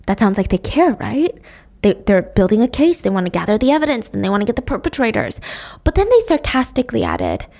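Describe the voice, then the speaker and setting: A woman's voice: mid-range voice, huge pitch swings, fairly quick, a little mellow. Indignant woman telling a true-crime story. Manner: indignant, sarcastic asides.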